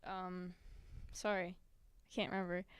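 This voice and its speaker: A spoken word performer tells a personal story live on stage at a community event, giggling nervously and bringing quotes to life as she acts out scenes. Her voice is on the low side, slow, clear and resonant, with no echo.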